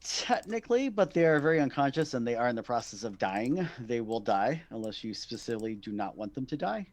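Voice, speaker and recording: A man narrating as game master of a tabletop role-playing game, talking haltingly with many fillers and apologies. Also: mid-range voice, very animated. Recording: online voice chat.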